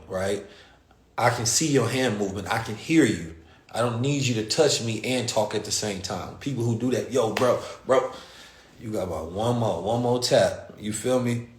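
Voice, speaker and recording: A man from the United States hosting a show and telling a story in casual, slangy talk, acting out the people in it. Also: medium pitch. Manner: animated, slangy, acts out quoted voices. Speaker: podcast host. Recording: roomy echo.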